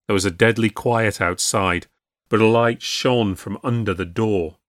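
A man narrating a ghost story in a measured storytelling way for a podcast. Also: lowish voice, steady tone, no echo, clean studio sound.

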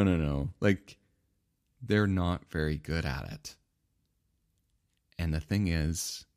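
Deep-voiced man preaching casually. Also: dry recording, studio quality. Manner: casual, laughing, animated storytelling. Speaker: pastor. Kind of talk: sermon.

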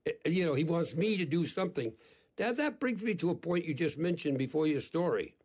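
High, lively older priest. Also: male voice, slightly rough. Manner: emphatic, deliberate, preacherly. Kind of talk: interview guest.

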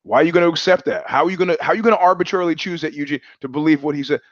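A podcast host delivers a casual monologue as an animated storyteller, acting out quoted voices, swearing freely and often restarting sentences. His voice is a little high and racing, on a muffled recording with no echo.

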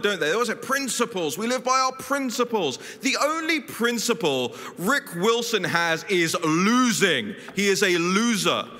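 A man giving an animated, emphatic political speech as guest speaker. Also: fairly high pitch. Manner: animated, emphatic, punchy storytelling. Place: conference hall. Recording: reverberant hall.

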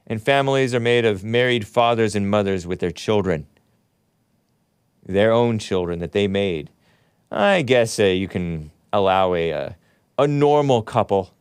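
A man's voice: fairly low pitch, clean tone, no echo, clean studio sound. A man hosting a live stream, giving sarcastic, opinionated commentary and reading viewer chat aloud. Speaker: host.

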